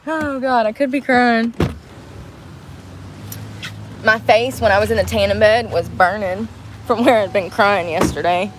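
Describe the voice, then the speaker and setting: A woman's voice: mid-range voice, moderate pace, background noise. A woman chatting on a livestream around a car, rambling, giggling and cursing, breathless from effort. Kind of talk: casual livestream chat.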